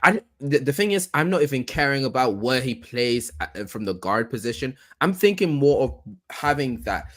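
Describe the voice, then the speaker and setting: A man's voice: mid-range voice, lively intonation, normal speed, hardly any pauses, a bit bright. A man co-hosting a casual sports podcast, teasing and repeating phrases for effect. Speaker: podcast co-host.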